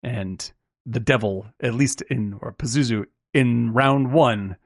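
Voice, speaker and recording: A man with a gravelly, creaky voice talks his way loosely through a film discussion, piling on fillers and tag questions. The recording is dry and close, with no room sound. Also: medium pitch, takes it slowly, no echo. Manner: rambling, many "like" and "right?" fillers, swears casually. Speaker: film podcast host.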